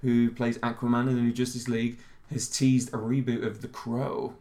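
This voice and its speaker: A man's voice: mid-range voice, little pitch movement, normal speed, a little mellow. A young man, co-hosting a casual chat show, hungover and rambling with lots of fillers. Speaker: podcast co-host.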